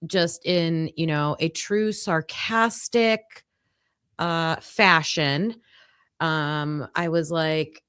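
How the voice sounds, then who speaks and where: A woman's voice: deep voice, fairly even intonation, drawn-out words, fairly bright tone, clean tone, no room sound. A woman hosting a true crime livestream, chatting casually and flustered while sorting out her computer setup. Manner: flustered, chatty, self-talking while fixing tech. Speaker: true crime show host.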